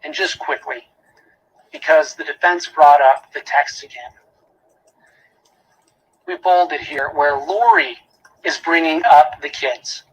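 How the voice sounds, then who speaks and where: A man's voice: a little high, slow pace, pauses often, breathy edge, poor audio. A man giving a prosecutor's closing argument in a courtroom, emphatic, repeating key phrases and asking rhetorical questions.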